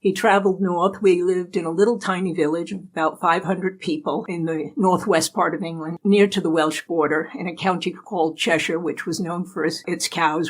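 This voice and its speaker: A woman's voice: on the low side, breathy edge, poor audio. An older woman from the United States, a guest in an interview, telling anecdotes in a chatty way and laughing often. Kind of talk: casual storytelling interview.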